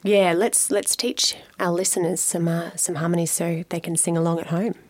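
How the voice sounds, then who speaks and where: A woman's voice: on the low side, steady tone, moderate pace, no echo. A woman hosting a chat and then patiently teaching vocal harmonies, counting the singers in. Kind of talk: casual chat and singing lesson.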